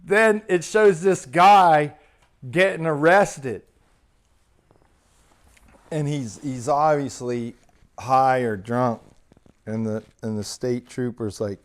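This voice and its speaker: A man's voice: medium pitch, takes it slowly. A man hosting his channel, casually retelling funny clips and laughing at his own stories. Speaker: minister and channel host. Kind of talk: casual storytelling chat.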